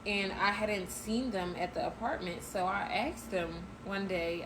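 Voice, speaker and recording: A woman's voice: medium pitch, a little slow. Chatty young woman telling a storytime. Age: young adult. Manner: chatty, addresses viewers as y'all. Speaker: storyteller recounting a personal story. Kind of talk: casual storytime. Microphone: phone. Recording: noisy phone clip with ambience.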